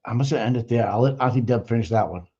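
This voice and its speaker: A man's voice: medium pitch, rapid-fire, warm tone, breathy edge. A man hosting a livestream, giving mocking, profane running commentary on trial footage. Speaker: livestream host. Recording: muffled lo-fi audio.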